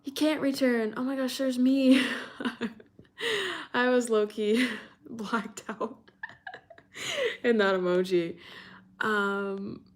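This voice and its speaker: A woman's voice: fairly high pitch, very animated, drawn-out words, long pauses. A young woman from New York chatting casually on a live stream, reading out chat and laughing often.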